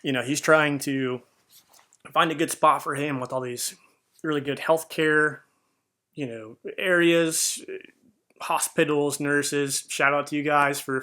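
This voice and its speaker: A man's voice: on the high side, a little slow, sharp tone. A man hosting a podcast, telling an earnest personal story in a casual monologue, with many fillers. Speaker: podcast host.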